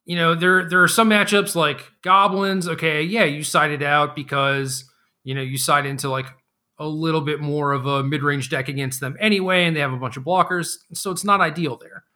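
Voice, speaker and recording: A man's voice: on the high side, fairly even intonation, moderate pace, sharp tone. A man co-hosting a casual card game podcast, talking in a laid-back, rambling way with lots of fillers. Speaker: podcast co-host.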